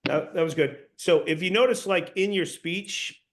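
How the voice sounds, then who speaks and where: A man with a slightly high voice runs a practice session as a sales trainer. He explains in an instructive, hands-on way, often restarting and repeating his phrases as he goes. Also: moderate pace, slight background noise.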